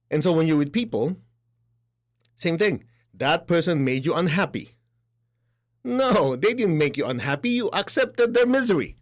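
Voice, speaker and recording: Lively high-voiced man lecturing. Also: moderate pace, pauses often. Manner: animated, acts out quoted voices. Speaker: spiritual teacher. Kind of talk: spoken lecture.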